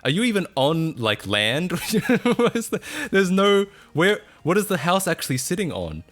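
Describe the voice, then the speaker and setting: A man's voice: sits high, sing-song, moderate pace, a bit bright. A man chatting casually on a livestream, laughing often and breaking into incredulous outbursts.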